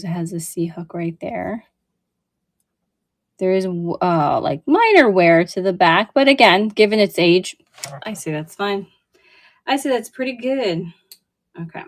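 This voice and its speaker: A woman's voice: fairly low pitch, a little slow, pauses often, no room sound. A woman hosting a casual live selling show, chatting with lots of fillers and friendly asides as she shows vintage jewelry. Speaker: online vintage jewelry seller.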